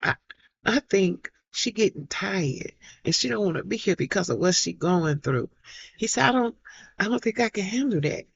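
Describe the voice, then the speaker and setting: A middle-aged woman vlogs to camera, emphatically telling a personal story, repeating herself and acting out other people's voices. Her mid-range voice is expressive with vocal fry and a breathy edge, at normal speed, in lo-fi sound.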